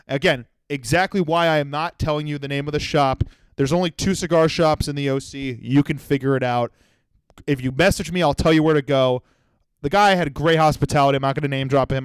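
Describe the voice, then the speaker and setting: A man's voice: a little high, clean tone, no echo. A man in his twenties hosting a solo comedy podcast, telling rambling, profane stories. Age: 20s. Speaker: podcast host.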